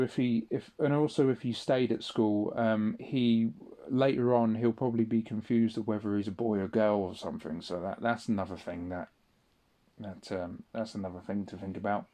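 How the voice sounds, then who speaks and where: A man's voice: on the low side, warm tone. A man in a casual spoken monologue, rambling and swearing often, with frequent restarts. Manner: rambling, profane, restarts a lot. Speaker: audio diarist.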